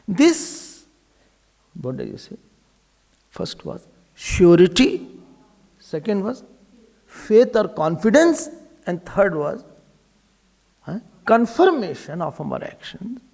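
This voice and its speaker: Indian-accented male swami, high and gravelly, animated, emphatic sermon voice. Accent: Indian English. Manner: emphatic, repeats key phrases, mixes Hindi into English. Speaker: swami giving a spiritual talk.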